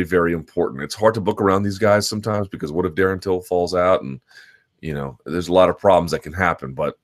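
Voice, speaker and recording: Deep-voiced man analyzing fights, thinking aloud. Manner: analytical, talks in long, looping sentences with restarts. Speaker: host of a combat sports live chat. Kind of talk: unscripted live-stream commentary.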